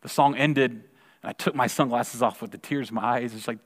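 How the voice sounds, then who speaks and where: A man in his forties giving a sermon, telling a personal story in a conversational way and repeating words when excited. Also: mid-range voice, a little fast, breathy edge. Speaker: pastor. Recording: long reverb of a large hall.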